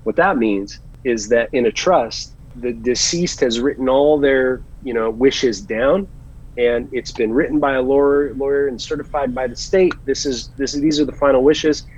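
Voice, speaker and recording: A man, a working actor, chatting in an interview and telling lively stories about his work in an earnest, animated way. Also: medium pitch, normal speed. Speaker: guest actor. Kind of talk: casual interview chat. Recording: dull lo-fi sound.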